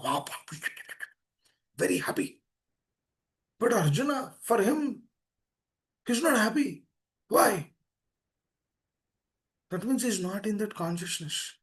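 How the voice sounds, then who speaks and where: A man giving a devotional talk to devotees, earnest and pleading, repeating phrases as his voice swings between soft and emphatic. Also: high-pitched. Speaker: speaker at a temple meeting. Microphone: online meeting room.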